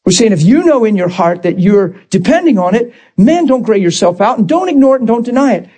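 A man preaching a sermon as a pastor, moving between calm talk and emotional shouting. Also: high voice, fairly quick, slightly rough.

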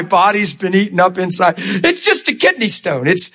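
Animated man telling a testimony. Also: sits high, normal speed, breathy edge. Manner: animated, laughs often, acts out quoted voices; conversational, rhetorical asides to listeners. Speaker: preacher giving testimony. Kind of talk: testimony sermon storytelling.

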